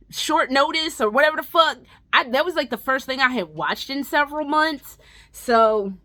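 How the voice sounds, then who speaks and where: A woman's voice: sits high, sharp tone. A woman gaming vlogger ranting casually and profanely, exasperated, breaking into mocking whiny impressions.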